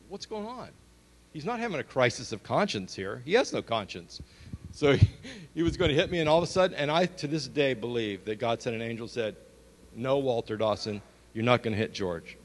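Earnest man telling testimony in hall. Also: mid-range voice. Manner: earnest, storytelling, rising to emphatic bursts. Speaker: speaker giving his testimony. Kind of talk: church testimony. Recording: long hall reverb.

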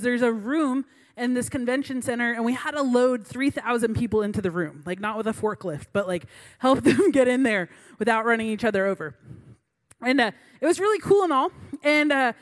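A woman in her late twenties, a youth pastor, giving a sermon in a chatty storytelling way with many fillers. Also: high-pitched.

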